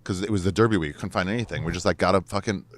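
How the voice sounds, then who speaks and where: A man's voice: low voice, dry recording. A man, a comedian, swapping rambling, profane stories in casual chat on an outdoor deck. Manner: fast rambling anecdotes, frequent swearing. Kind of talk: casual chat while smoking cigars.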